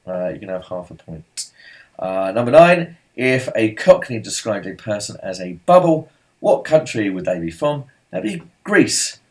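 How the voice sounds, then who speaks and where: A man's voice: fairly low pitch, animated, moderate pace, darkish tone. A man hosting an online pub quiz, reading out answers in a chatty, rambling way with lots of asides and fillers.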